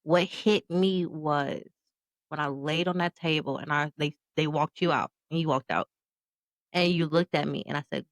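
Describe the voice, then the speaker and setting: A woman's voice: sits low, fairly even intonation, normal speed, no echo, poor audio. A woman in her thirties co-hosting a podcast, recounting a personal story with candid emotion. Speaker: podcast co-host. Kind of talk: casual podcast conversation.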